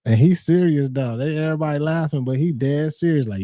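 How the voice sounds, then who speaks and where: Brief: young male reaction host, slangy and laid-back, very dark mellow tone, close dry sound. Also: a little high, fairly quick, dry recording. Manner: laid-back slangy banter, talks to chat. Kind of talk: casual reaction commentary.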